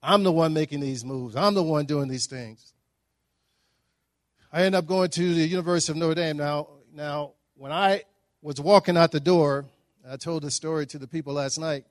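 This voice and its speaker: A guest speaker from Dallas, Texas, tells stories to a breakfast audience in a folksy, animated style, acting out the voices of the people in them. His voice is a little high for a man and his pace is normal. The recording is dry and close to the mic.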